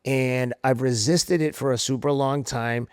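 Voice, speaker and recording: A man's voice: medium pitch, unhurried, smooth, no room sound. Middle-aged guy from somerville telling stories, acts out voices, dry close mic. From Somerville, Massachusetts. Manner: animated storytelling, acts out quoted voices. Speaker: podcast host. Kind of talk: casual chat.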